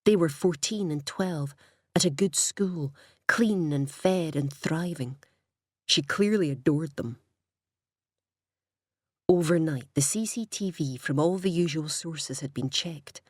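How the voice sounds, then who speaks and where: Husky-voiced woman narrating a crime story. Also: low voice, slow, no room sound, studio quality. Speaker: audiobook narrator. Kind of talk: scripted narration.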